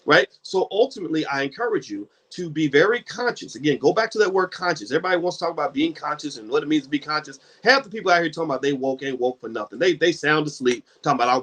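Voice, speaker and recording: Brief: middle-aged male host, highish voice, animated storytelling, restarts and stammers. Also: quick pace. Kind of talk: book club talk.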